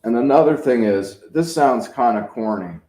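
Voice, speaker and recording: A man's voice: medium pitch, lively intonation, moderate pace, warm tone. A man in his fifties hosting his channel, chatting casually and telling rambling anecdotes. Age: 50s. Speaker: channel host. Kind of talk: casual chat. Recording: echoey room.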